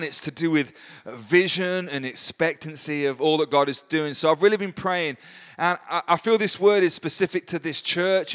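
An earnest man delivers a sermon during a church service, encouraging his listeners. His voice sits a little high for a man. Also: a bit bright. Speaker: preacher.

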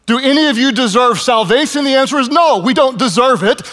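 A man in his fifties preaching a sermon, telling stories with lively, self-mocking humor. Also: very high-pitched, fairly quick. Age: 50s. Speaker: pastor.

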